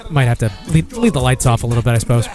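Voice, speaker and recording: A man's voice: medium pitch, rapid-fire, music in the background. A man hosting a podcast alone, rambling casually and swearing often while reading product copy aloud. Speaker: podcast host. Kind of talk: casual solo podcast talk.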